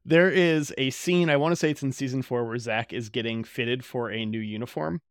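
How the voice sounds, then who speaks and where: A man's voice: mid-range voice, fairly quick, no room sound, clean studio sound. A young man co-hosting a podcast, casually and jokingly recapping a TV episode. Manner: joking, animated, does voices. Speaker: podcast co-host. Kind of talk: casual chat recapping a TV show.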